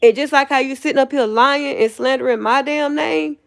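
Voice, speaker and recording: A woman's voice: high-pitched, moderate pace, creaky. A woman livestreaming a heated, profane rant, laughing scornfully as she talks.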